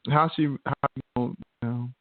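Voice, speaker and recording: A man's voice: mid-range voice, fairly even intonation, slow, no room sound. A man co-hosting a casual podcast, rambling with lots of filler words. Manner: rambling, many "like" and "you know" fillers. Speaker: podcast co-host. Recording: tinny phone-like sound.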